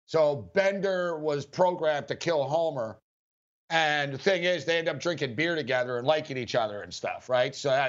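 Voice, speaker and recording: A man hosting a sports betting talk show, telling a rambling story between laughs. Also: a little high. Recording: dull lo-fi sound.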